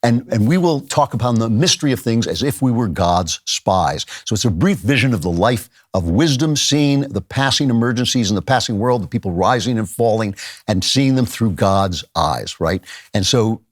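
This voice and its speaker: A man's voice: lowish voice, expressive, moderate pace, dry recording, studio quality. A middle-aged man hosting a podcast, giving an earnest, emphatic lecture-style commentary. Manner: earnest, emphatic, dramatic readings of quotes. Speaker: podcast host.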